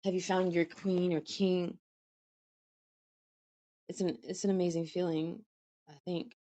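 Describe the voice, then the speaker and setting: Warm-voiced woman podcast storyteller. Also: fairly low pitch, fairly even intonation, a little slow. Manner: gushing, chatty, laughs often. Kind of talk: storybook reading and casual chat.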